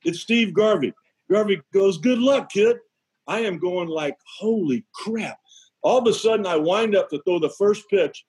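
A man who was a pitcher, telling lively stories on a sports show and acting out other people's lines. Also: normal speed, husky, low-quality recording. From Connecticut, USA. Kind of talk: animated storytelling on a sports show.

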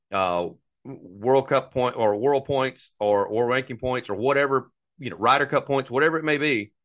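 A man co-hosting a casual podcast, telling stories and acting out quotes. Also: mid-range voice. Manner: animated storytelling, acts out quotes. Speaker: podcast co-host. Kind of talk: casual chat about golf.

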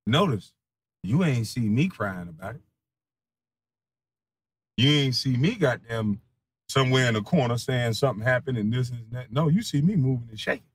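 A man's voice: animated, moderate pace, pauses often, husky. Defiant man in a mocking profane rant. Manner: defiant, mocking, swings from low mutters to loud taunts; laughs scornfully between lines. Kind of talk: heated profane monologue.

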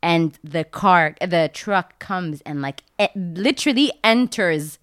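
A young woman casually telling a long personal story, acting out her own remarks in a much higher voice. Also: slow, dry recording, clean studio sound. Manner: animated, acts out her own lines in a high voice.

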